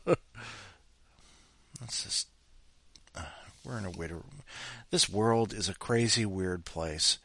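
A man's voice: fairly low pitch, takes it slowly, long pauses, pushed and bright, dry recording. A man hosting a storytelling podcast, rambling casually between stories and swearing freely. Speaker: podcast host.

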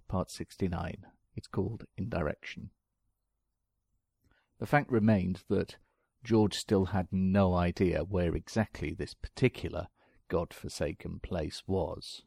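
Brief: a deep-voiced man reading short stories slowly, dry and wry. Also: gravelly, a little mellow, no room sound. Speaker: storyteller. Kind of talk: scripted narration.

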